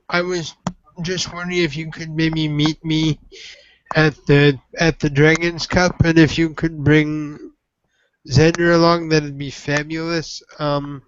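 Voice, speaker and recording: A man's voice: fairly high pitch, smooth, no echo. A man voicing a flustered, sweet-natured young man who stammers and apologizes, on a dull lo-fi voice chat recording.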